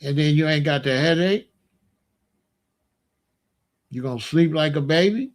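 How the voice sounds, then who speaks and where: Man, high-pitched voice, casual slangy advice talk, playful and joking. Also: a little slow. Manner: playful, loose and joking, with street slang and asides to the ladies. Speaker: online talk host giving relationship advice.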